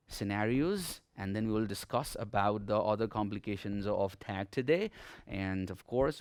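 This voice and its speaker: A man's voice: lowish voice, clear, resonant tone, no echo, clean studio sound. A man teaching a grammar lesson in Nepali-accented English, explaining step by step and often saying "okay" as he stresses key words.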